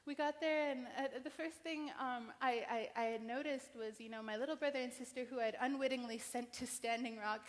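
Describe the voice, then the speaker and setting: A woman's voice: high voice, steady tone, a little fast, hardly any pauses. An American woman from New Mexico giving a heartfelt personal talk as an invited speaker at an event. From New Mexico, United States. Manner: earnest, heartfelt storytelling. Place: large event hall. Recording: long reverb of a large hall.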